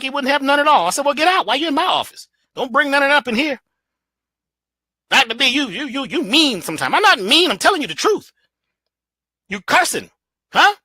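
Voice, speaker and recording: A man giving an animated motivational talk as a guest, preachy and emphatic in a colloquial way, playing with his voice. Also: extremely high pitch, no echo. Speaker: guest speaker.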